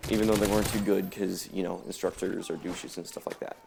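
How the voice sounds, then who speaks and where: A man's voice: sits low, steady tone, fairly quick, creaky, noisy background. A young man rambling casually in a laid-back way while commenting over gameplay. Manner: rambling, laid-back, heavy on filler words. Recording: loud gunfire from game audio behind voice.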